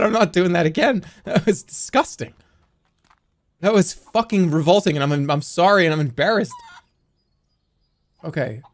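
A man in his thirties streaming a game live, talking in an animated, rambling and profane way. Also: sits high, normal speed, pauses often. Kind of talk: live gameplay commentary.

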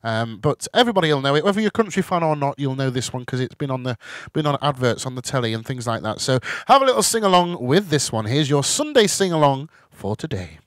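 A man's voice: mid-range voice, big pitch swings, fast, no echo. A man hosting a casual live chat show, reading out viewer messages in a chatty, self-deprecating way with jokey asides. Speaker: host.

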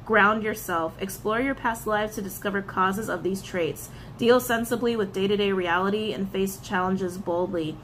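Woman, tarot reader, animated, repeats phrases, mid pitch, faint noise. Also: normal speed, hardly any pauses. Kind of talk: tarot and crystal reading.

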